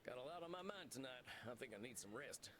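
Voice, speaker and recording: An actor playing a weary, reflective cowboy vampire, talking in a folksy, laid-back over game music. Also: male voice, mid-range voice, expressive, fast, lightly acted. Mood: musing.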